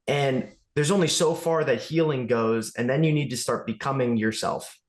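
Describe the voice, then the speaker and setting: Male podcast guest, earnest and reflective, average pitch, roomy echo. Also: moderate pace. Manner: earnest, reflective, thinking aloud. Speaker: guest, movement studio owner. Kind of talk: casual conversation.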